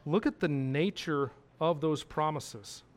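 Male preacher, high voice, emphatic sermon delivery with repeated points and questions to the congregation. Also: slow.

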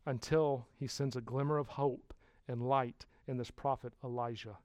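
A man preaching a sermon to his congregation, emphatic and conversational, dropping quiet and then rising loud for emphasis. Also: medium pitch, fairly even intonation, moderate pace, no echo. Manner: conversational with restarts, addresses congregation. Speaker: pastor.

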